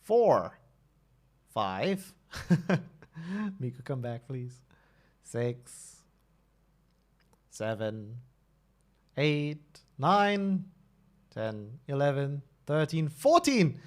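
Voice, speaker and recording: Male streamer, 30s, casual live chat; bright-ish voice, very animated pitch, lots of self-corrections. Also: slow pace, long pauses. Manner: talkative, self-correcting, restarts often. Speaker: streamer and level designer.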